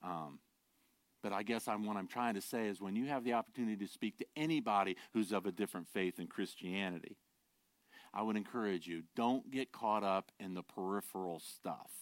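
A pastor preaching a sermon, earnest and direct, shifting from quiet, low asides to loud, emphatic declarations and rhetorical questions. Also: male voice, fairly quick, no room sound. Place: church.

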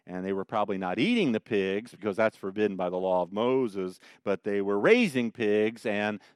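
A man's voice: on the low side, normal speed, smooth, no room sound, clean studio sound. Folksy man teaching a Bible study. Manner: folksy storytelling with lively jokes. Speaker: pastor leading a Bible study.

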